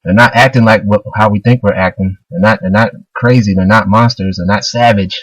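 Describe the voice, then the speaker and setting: A man's voice: on the low side, fairly even intonation, brisk, a bit bright, dry recording, low-quality recording. A man voicing a young male fighter who pleads and questions, his tone earnest and troubled. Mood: insistent.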